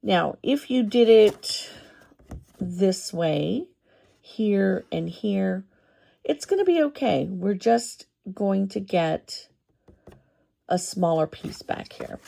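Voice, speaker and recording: A woman hosting a papercraft tutorial, talking through each step in an unhurried, think-aloud way. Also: mid-range voice, expressive, vocal fry, warm tone. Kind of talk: craft tutorial demonstration.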